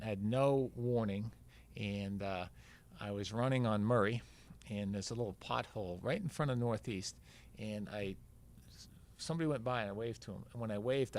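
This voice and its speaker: Older male guest, low gravelly voice, rambling anecdotal storyteller. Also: bright, forceful tone. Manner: rambling, acts out quoted dialogue. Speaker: podcast guest, veteran marathon runner.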